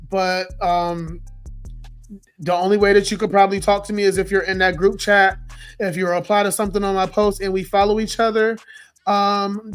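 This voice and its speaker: A man in his twenties with a hoarse, worn-out voice from a sore throat, telling a story in an animated, profane, ranting way. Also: high voice. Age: 20s. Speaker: social media host. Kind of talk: casual storytime rant.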